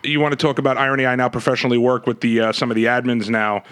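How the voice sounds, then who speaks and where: A young man co-hosts a podcast with friends and talks at a fast clip. He keeps firing teasing questions at the others. His voice sits in a middling register. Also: mid-range voice, fairly even intonation, a bit bright, smooth. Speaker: podcast co-host. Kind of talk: casual chat among friends.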